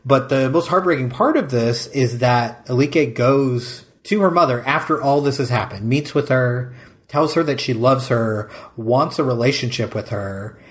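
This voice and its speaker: A man's voice: mid-range voice, moderate pace. Emphatic man gushing about a film. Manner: emphatic, effusive, many "like"s. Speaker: podcast co-host. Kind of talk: casual film discussion.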